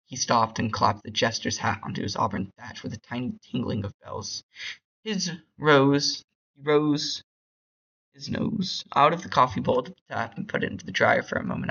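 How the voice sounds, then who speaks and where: A young man reading a short story aloud in a bored, hurried way, stumbling over words. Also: medium pitch, vocal fry, sharp tone, husky, lo-fi sound. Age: young adult. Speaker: reader.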